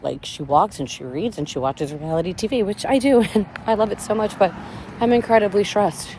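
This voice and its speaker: A woman's voice: sits low, brisk, a little mellow, a little hiss or hum. A young woman venting in a casual monologue, rambling and anxious, swearing often. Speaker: vlogger.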